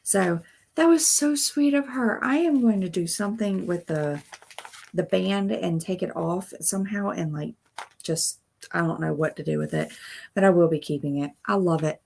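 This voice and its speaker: Bubbly woman with a gravelly, husky voice. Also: on the low side, moderate pace, a little mellow. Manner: bubbly, chatty, exclaims often. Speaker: crochet channel host. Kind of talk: casual live-stream chat.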